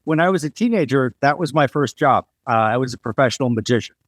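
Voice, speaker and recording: A man's voice: mid-range voice, animated, fast, dry recording, studio quality. An American man hosting a podcast interview, telling rambling stories with many restarts. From United States. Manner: rambling storyteller with frequent restarts. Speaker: podcast host. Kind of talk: casual interview conversation.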